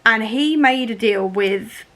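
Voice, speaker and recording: A woman's voice: fairly high pitch, slow, fairly bright tone. A young woman talking in a casual reading vlog, emotional and laughing through tears as she reacts to a book. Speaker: book vlogger.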